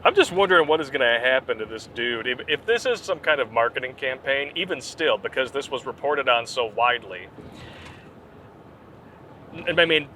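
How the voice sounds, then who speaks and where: A man's voice: medium pitch, expressive, normal speed, pushed and bright, a little hiss or hum, poor audio. A man hosting a podcast, chatting casually and jokingly with rambling asides. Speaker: podcast host. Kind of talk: casual comedic banter.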